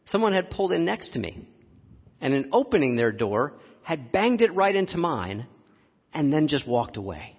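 A man preaching a sermon, telling a personal story with frequent laughs and an animated delivery. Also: fairly high pitch, normal speed, slightly rough. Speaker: pastor. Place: church sanctuary. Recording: dull lo-fi audio, long hall reverb.

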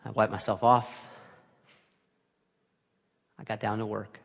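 A man's voice: fairly low pitch, level tone, takes it slowly, gravelly. Dramatic male preacher in a reverberant hall. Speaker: pastor. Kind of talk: sermon.

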